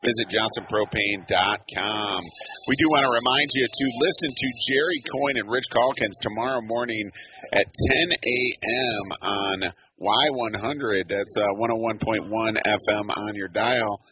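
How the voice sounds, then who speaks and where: A man calling a local high school football game on the radio, chatty and folksy, getting excited on big plays. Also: normal speed. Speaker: play-by-play announcer. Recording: muffled radio broadcast with faint hiss.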